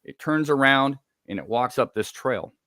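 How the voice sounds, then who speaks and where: A man's voice: medium pitch, animated, bright, forceful tone, no room sound, clean studio sound. Man telling a tense campfire story. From Scotland. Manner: halting, repeats words, builds tension. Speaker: guest telling an encounter story. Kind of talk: casual storytelling.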